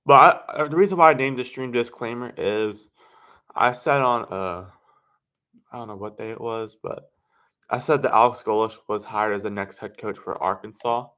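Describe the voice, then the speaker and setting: A man hosting a casual sports livestream, talking in a rambling, halting way and correcting himself often. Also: on the low side, fairly bright tone. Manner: rambling, halting, self-correcting with many fillers. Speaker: sports stream host.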